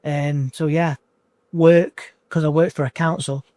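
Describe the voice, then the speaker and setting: Man, forties, coaching client in an emotional interview; halting and repetitive delivery, slightly high voice, dry close recording. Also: level tone, mellow, dry recording. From United Kingdom. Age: 40s. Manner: halting, repeats himself, restarts phrases.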